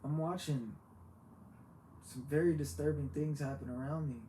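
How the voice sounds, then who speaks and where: Man, motivational monologue, heartfelt and preachy, mellow voice, echoey room, faint hiss. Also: on the high side, steady tone. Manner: heartfelt, repetitive, preachy, with halting restarts. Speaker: motivational vlogger.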